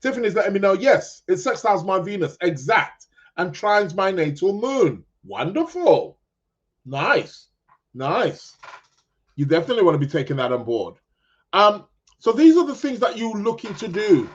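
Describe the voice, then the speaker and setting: A man's voice: sits high, big pitch swings, moderate pace, highs cut off. A man hosting a live astrology podcast in a casual, rambling way, full of ums and restarts, often chuckling and talking to his listeners as "people". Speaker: podcast host.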